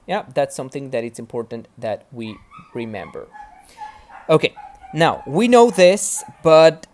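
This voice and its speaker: Very low-voiced, unhurried female teacher. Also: big pitch swings, a little mellow, a little hiss or hum. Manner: patient, explains step by step with repeated checks. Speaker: English teacher. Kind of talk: recorded grammar lesson.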